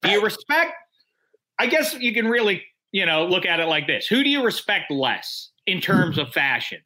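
A man's voice: sits high, big pitch swings, moderate pace, sharp tone. A man co-hosting a podcast in casual, rambling chat. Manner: playful, rambling, drifts between topics. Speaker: podcast co-host.

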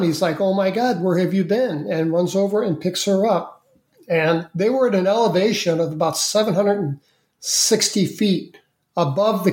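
A man appearing as a podcast guest, recounting a story in an unhurried, vivid way with frequent restarts. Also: sits high, a little mellow. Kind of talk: conversational storytelling. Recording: roomy, echoey sound.

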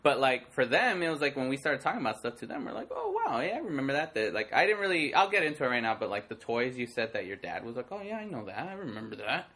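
A man in his thirties co-hosting a podcast in casual chat, laughing often and acting out others in high voices. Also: very animated, fast talker, hardly any pauses, pushed and bright. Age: 30s. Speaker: podcast co-host.

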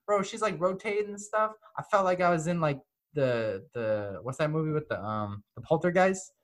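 A young man in casual chat, telling a story in an animated way, acting out the people he quotes and swearing freely. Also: fairly high pitch, moderate pace.

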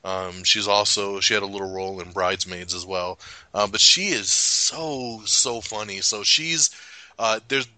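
A podcast host with a lowish, pushed, bright voice chats unhurriedly about a film in a casual movie review. He rambles, swears freely and laughs a lot, and there's no echo.

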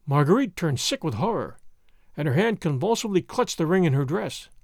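A man's voice: on the high side, sing-song, fairly quick, a little mellow, no echo, clean studio sound. A man narrating a storybook in a dramatic, theatrical reading. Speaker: audiobook narrator.

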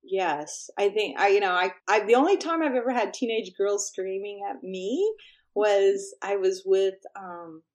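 Animated middle-aged woman musician telling stories. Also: medium pitch, measured pace. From Texas. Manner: animated storyteller, laughs often, acts out quotes. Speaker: musician guest. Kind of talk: casual interview chat.

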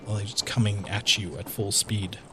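Low-voiced man narrating a tabletop game. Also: fairly even intonation, noisy background. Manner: halting, restarts with fillers. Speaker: game master.

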